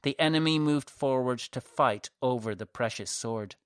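A man reading his own dark fantasy story aloud in a measured, softly dramatic narration. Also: mid-range voice, smooth, no echo, studio quality.

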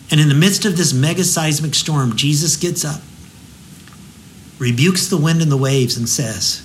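A man giving a devotional sermon as a pastor, telling the story vividly and slowing into a hushed prayer. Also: medium pitch, slight background noise, low-quality recording.

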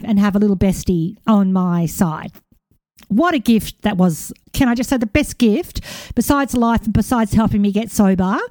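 A woman's voice: mid-range voice, mellow, no echo, studio quality. An Australian woman in her forties hosting a podcast, talking in a rambling, emotional, self-correcting way, a bit hyper after a walk. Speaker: podcast host. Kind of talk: casual monologue.

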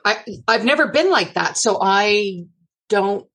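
A woman's voice: medium pitch, animated, a little slow, fairly bright tone, slightly rough. A woman co-hosting a podcast, asking curious, encouraging questions in a casual interview. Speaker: podcast co-host.

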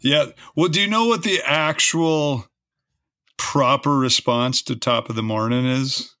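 Bright, crisp-voiced man on a dry mic. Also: mid-range voice, measured pace, dry recording, faint music behind. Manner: teasing, chatty, talks through sports trivia. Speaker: podcast co-host. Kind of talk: casual podcast chat.

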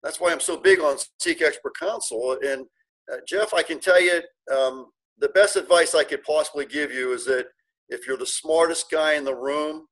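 Husky, animated man telling his story. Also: on the high side, normal speed, poor audio. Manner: animated, earnest, many restarts, emotional. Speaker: guest, car dealership owner. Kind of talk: casual storytelling interview.

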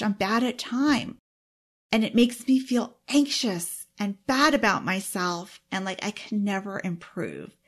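A woman working as a time management coach and speaking as a parent, giving an earnest, openly emotional self-help talk with frequent exclamations. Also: medium pitch. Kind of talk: self-help teaching monologue.

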